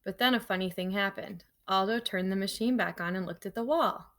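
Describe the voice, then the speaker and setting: A woman teacher reading a children's novel aloud to her class in a lively storytelling manner, breaking off for casual asides to her students. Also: mid-range voice, a little fast.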